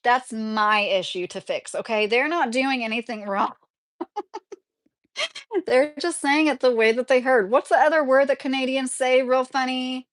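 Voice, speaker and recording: Woman, thirties, from Kentucky, livestream chat, rambling, laughing, fairly high pitch, dry close mic. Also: measured pace, no echo. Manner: rambling, laughs often, self-correcting. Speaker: livestream host. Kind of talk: casual livestream chat reading comments.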